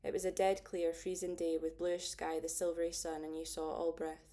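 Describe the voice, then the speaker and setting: Low-voiced woman reading an audiobook. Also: level tone, moderate pace, warm tone. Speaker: audiobook narrator. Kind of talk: first-person audiobook narration.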